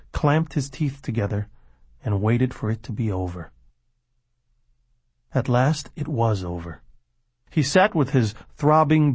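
A male audiobook narrator with a husky, mid-pitched voice, reading in a measured, steady way. The sound is close and dry, with no room around it. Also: no echo. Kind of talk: scripted narration.

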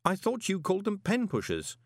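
A man's voice: high-pitched, wildly swooping pitch, fairly quick, dry recording, clean studio sound, pitched above the performer's own voice, exaggerated voice. A man voicing a fussy old male postal worker who babbles and quavers. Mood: babbling. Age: older.

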